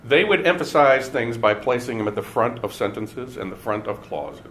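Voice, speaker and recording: A man teaching a Bible study class, speaking deliberately and stressing key words with pauses. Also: medium pitch, expressive, fairly bright tone, a little hiss or hum.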